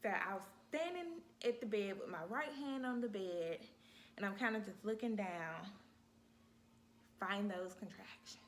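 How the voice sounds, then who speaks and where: A woman vlogger telling a story in a casual, animated way, talking straight to her viewers. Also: mid-range voice, a little slow, a little hiss or hum. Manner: animated, talks straight to viewers, acts out her own cries.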